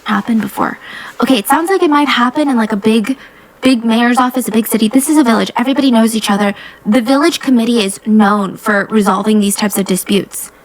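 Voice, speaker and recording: Animated woman telling a true crime story. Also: on the high side, rough recording. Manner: animated, conversational, quick asides. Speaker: true crime podcast host.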